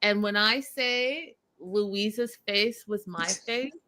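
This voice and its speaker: Woman, show host, bright voice, chatty reality TV recap, speaks to viewers. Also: mid-range voice, slow. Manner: animated, addresses viewers directly. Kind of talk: casual reality TV recap chat.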